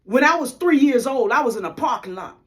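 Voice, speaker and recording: A woman telling her faith testimony to viewers in a preacher-like way, stressing her points and speaking to the audience as y'all. She often drops to a hushed, near-whispered delivery. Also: sits high, animated, brisk.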